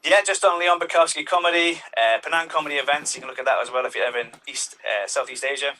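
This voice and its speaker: A man doing a stand-up comedy set over a video call, talking in an animated way and jumping into voices for his characters. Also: a little high, fast talker, recorded from a distance, rough recording.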